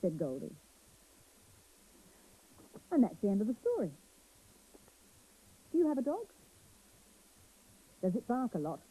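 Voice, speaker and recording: A woman reads a story to young children in a gentle, expressive way. Her voice is dark and husky, and her tone swoops up and down with lively energy. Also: a little high, moderate pace, long pauses, rough recording. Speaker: children's TV presenter.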